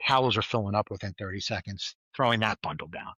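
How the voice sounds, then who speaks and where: Ex-trooper guy telling his story, acts out all the voices, bright and dry. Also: on the low side, quick pace, slightly rough, no room sound, dull audio. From New York. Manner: vivid, animated retelling with acted-out quotes. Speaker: guest, former state trooper. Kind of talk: storytelling in a casual interview.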